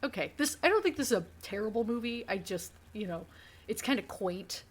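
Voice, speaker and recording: A woman's voice: mid-range voice, animated, brisk, husky. A young woman co-hosting a podcast, talking in casual, rambling chat with lots of fillers. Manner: chatty, rambling, many fillers. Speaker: podcast co-host.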